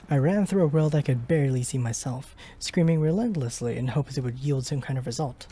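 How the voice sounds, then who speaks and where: A man streaming a game, reading its story aloud with heavy emotion and frequent swearing, moving from frantic shouts to shaky whispers. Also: medium pitch, fairly quick, few pauses, slightly rough. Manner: swears often. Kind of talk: dramatic read-aloud of a game's story.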